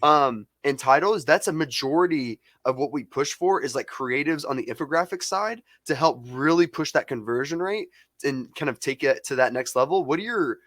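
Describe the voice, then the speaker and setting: A man's voice: fairly high pitch, expressive, fairly bright tone, dry recording, clean studio sound. A man co-hosting a marketing webinar asks questions in a casual way, filling his sentences with "like". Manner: casual, with many "like" fillers and quick agreements. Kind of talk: webinar conversation.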